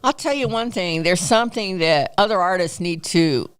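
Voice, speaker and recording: A woman's voice: on the low side, normal speed, smooth. A woman in a casual podcast interview, telling stories and acting out what people said in a raised voice. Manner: animated storyteller, acts out quotes in raised voice.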